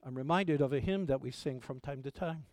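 A male pastor preaching a sermon in a conversational way, asking his congregation rhetorical questions and swinging between loud emphatic lines and quiet asides. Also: medium pitch, fairly quick, dry recording, clean studio sound.

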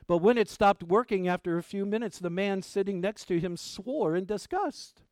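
A male pastor preaches in a voice a bit higher than most men's, very smooth and resonant, at normal speed. He keeps asking the congregation rhetorical questions, climbing to loud, emphatic lines and dropping to quiet asides. The sound is dry and close, with no echo.

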